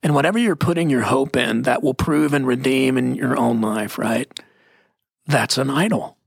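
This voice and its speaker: A middle-aged man talking about faith in an emphatic, preachy way, slowing down to stress key words. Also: medium pitch, gravelly, breathy edge, no echo, studio quality. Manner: emphatic, preachy, drops into slow stressed phrases. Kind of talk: conversational Christian teaching.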